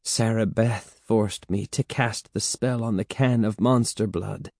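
A man's voice: on the low side, steady tone, measured pace, vocal fry, darkish tone, no room sound, clean studio sound. A man reading a storybook and voicing a frightened, remorseful middle-aged woman held as a servant, who talks in a sorrowful, pleading way. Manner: pleading, sorrowful, then defiant.

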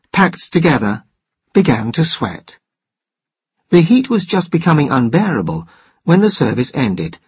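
Husky male audiobook narrator. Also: fairly high pitch, dry recording. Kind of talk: scripted narration.

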